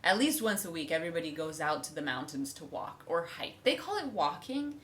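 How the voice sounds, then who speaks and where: Lively woman vlogger. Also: low-pitched, fairly quick, slight background noise. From United States. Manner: animated storytelling, acting out voices. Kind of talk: casual chat.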